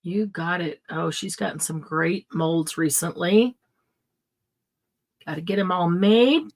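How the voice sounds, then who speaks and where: A woman's voice: lowish voice, slow pace. A middle-aged woman hosting a live craft supply sale, chatting casually and thinking aloud as she sets prices. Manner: chatty, thinks aloud while pricing items.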